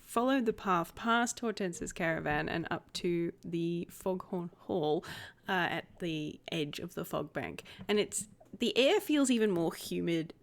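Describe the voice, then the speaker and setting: A woman's voice: lowish voice, lively intonation, a little slow, vocal fry. A woman narrating and running a tabletop role-playing game as game master, descriptive and giggly.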